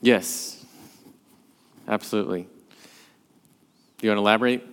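A man's voice: lowish voice, fairly even intonation, normal speed, smooth. A man leading a Bible study class, talking through the passage conversationally and thinking aloud as he goes. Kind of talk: leading a church class discussion. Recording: long hall reverb.

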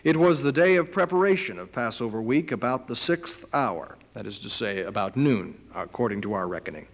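A man's voice: medium pitch, a little fast. A male preacher reads scripture and stops to explain it, his voice moving up and down with real animation. Everything carries a long, ringing reverb from a large hall. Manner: animated storytelling reading. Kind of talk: Bible reading with commentary.

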